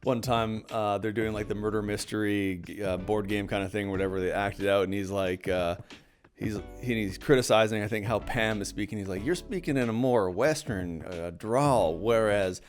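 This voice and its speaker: A man's voice: lowish voice, little pitch movement, brisk. A young man co-hosting a casual film chat, rambling with many fillers and restarts. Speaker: podcast co-host.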